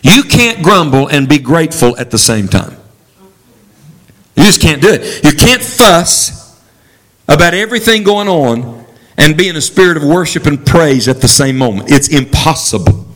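A man's voice: moderate pace, rough recording. A man preaching a sermon as a traveling preacher, leading the congregation in call-and-response. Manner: animated, swooping pitch for emphasis.

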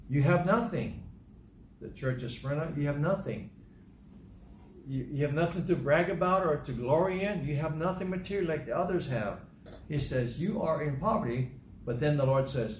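A man preaching a sermon, reading scripture slowly and stressing words by repeating them. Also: fairly high pitch, a little mellow. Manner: emphatic, repeats phrases, reads scripture slowly. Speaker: pastor. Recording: echoey room with faint noise.

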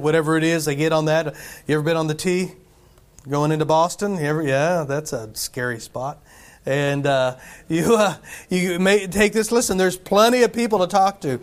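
A man preaching a sermon in a church, talking conversationally with rhetorical questions, asides to the congregation, and frequent restarts and fillers. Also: a little high. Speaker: pastor.

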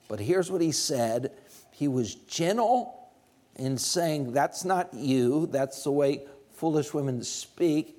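Male preacher, slightly high voice, slow deliberate sermon delivery with big swings. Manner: impassioned preaching, voice rising high and loud, then dropping slow and low.

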